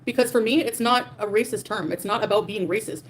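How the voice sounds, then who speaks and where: A woman's voice: mid-range voice, a little fast, a little hiss or hum. A young adult woman hosting a livestream, ranting defiantly and profanely at her chat, with many fillers. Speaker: livestream host. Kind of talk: livestream rant reading super chats.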